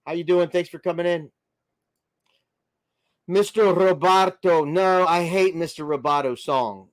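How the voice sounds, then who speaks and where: Working through viewer comments in a friendly, rambling way, this American livestream host greets people by name on a casual stream. His fairly high voice keeps a moderate pace, and the studio-quality audio has no room sound.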